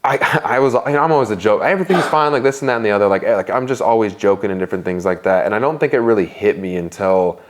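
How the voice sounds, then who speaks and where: A man's voice: on the low side, fast, hardly any pauses. A young man as an interview guest, talking casually and candidly, with many fillers and restarts. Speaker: guest, business owner.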